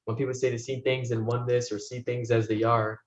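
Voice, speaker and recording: Soft-spoken man guiding a meditation. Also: mid-range voice, level tone. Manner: soft-spoken, slow, repetitive guidance, often dropping to a hush. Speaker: spiritual teacher. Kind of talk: guided meditation teaching. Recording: roomy, dull recording with faint noise.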